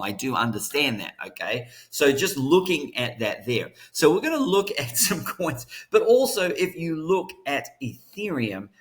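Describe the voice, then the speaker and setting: A man with a fairly high, fairly bright voice hosts a crypto trading show, offering casual market commentary. He sounds chatty and upbeat, leaning on strong rhythmic emphasis.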